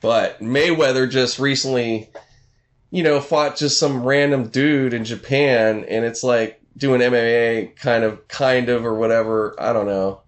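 A man's voice: mid-range voice, steady tone, measured pace. Rambling man chatting about boxing. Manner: rambling, lots of fillers and restarts, swears casually. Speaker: boxing fan in casual conversation. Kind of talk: casual chat.

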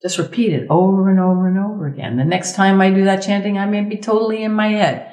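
A middle-aged woman who works as a sound healer speaks as a guest in a conversational interview, in a medium-pitched voice with reverberant sound. She's expressive and emphatic, leaning on slow repetitions and acting out her inner thoughts in quoted voices.

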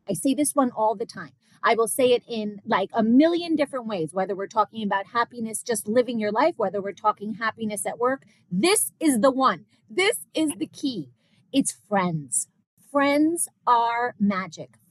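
A woman's voice: a little high, no room sound. A woman, a business consultant and researcher, explaining her work with enthusiasm in an interview. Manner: enthusiastic, explanatory, quotes people in asides. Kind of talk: interview conversation.

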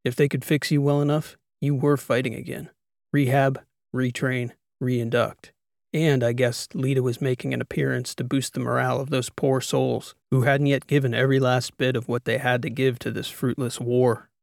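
A man narrates a first-person sci-fi audiobook, telling the story in a wry, conversational way. His voice has a gravelly grain. The recording is close and dry, with no room sound. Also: mid-range voice, little pitch movement, normal speed, no room sound.

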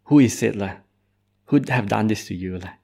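A man voicing furious village parents who shout accusations in a high, raised voice during a spoken story. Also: normal speed, vocal fry, slightly rough. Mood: outraged. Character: furious scolding village parents, shrill and outraged.

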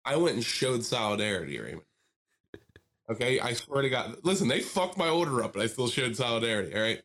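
Animated young man telling stories. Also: mid-range voice, fairly quick. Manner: animated storyteller, swears freely, acts out quoted people. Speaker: podcast co-host. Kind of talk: casual chat.

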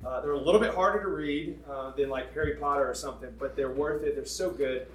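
A man telling a story in a sermon, in a conversational, animated and emphatic way. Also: on the high side, quick pace. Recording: echoey room, distant mic.

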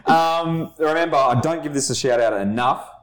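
A man's voice: fairly high pitch, normal speed. A man hosting a podcast in a studio, wrapping up the episode in a jokey, chuckling way. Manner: jokey, chuckling through plugs. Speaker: podcast host. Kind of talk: casual podcast sign-off.

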